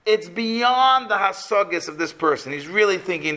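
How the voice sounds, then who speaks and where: Animated storytelling religious teacher, man. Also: high-pitched, normal speed, few pauses. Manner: animated retelling, direct moral urging. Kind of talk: storytelling Torah lesson.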